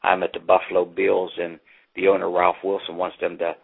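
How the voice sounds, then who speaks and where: Man, motivational pep talk, husky voice, punchy phrases, phone-like radio sound. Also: low voice, completely flat delivery, a little fast. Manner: emphatic, punchy short phrases. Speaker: motivational speaker.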